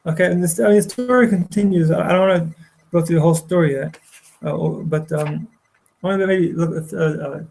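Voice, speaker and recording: A man teaching a class, retelling a story in a halting way with many repeated words and restarts. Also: a little high, gravelly, a little mellow, low-quality recording. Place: study hall.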